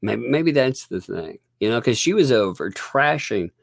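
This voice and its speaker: A man's voice: mid-range voice, sing-song, moderate pace, vocal fry, no room sound, clean studio sound. A man with a Southern US accent hosting a casual livestream, rambling, chuckling often and thanking viewers. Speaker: livestream host.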